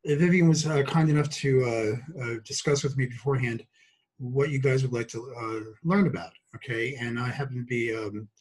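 A man in his sixties from Brooklyn, New York, appears as a guest doctor, talking casually about his practice in a chatty, joking way full of fillers. His medium-pitched voice is steady with a breathy edge at normal speed, and the audio is poor.

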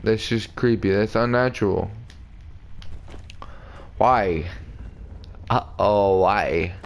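A man's voice: lowish voice, very slow, gravelly. A man doing casual, crude, joking commentary while playing a video game and talking back to it. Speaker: gamer. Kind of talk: casual let's play commentary.

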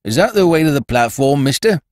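A man voicing a stolid, severe male village constable who speaks bluntly and gruffly. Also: a little high, very animated, a little fast, darkish tone, no echo, studio quality, voice pushed up. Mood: suspicious.

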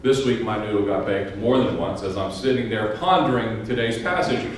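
Pastor preaching in an echoey church. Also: male voice, fairly low pitch, a little hiss or hum. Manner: halting, repeats words at the start, then storytelling with a wry dry humor. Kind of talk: sermon. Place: church sanctuary. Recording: echoey church room from a distant mic with faint ambience.

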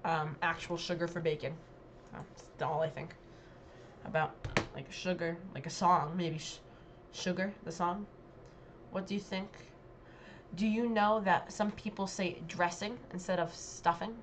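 A young woman vlogger chatting casually, reading quiz questions aloud and thinking out loud about her answers. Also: fairly low pitch, steady tone, measured pace, slight background noise.

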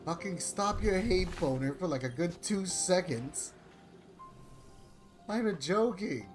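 A young adult gamer with a mid-range voice rants angrily through his gameplay commentary, swearing constantly. He sounds animated yet a little slow, frustrated, sighing and sometimes laughing. Game music plays faintly in the background.

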